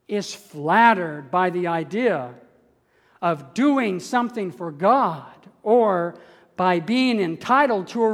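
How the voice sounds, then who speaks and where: An older male pastor delivers a sermon at an unhurried pace, leaning on key words with deliberate emphasis. His voice rings out through a church sanctuary with a long, lingering reverb. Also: sits high. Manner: measured preaching with slow emphatic stresses.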